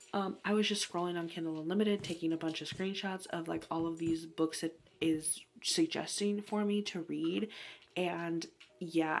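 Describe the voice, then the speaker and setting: A young woman chatting casually in a reading vlog from home, giggly and rambling, sometimes dropping to a whisper. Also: on the low side. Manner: giggly and rambling, many "like"s, drops to a whisper at times. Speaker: booktube vlogger.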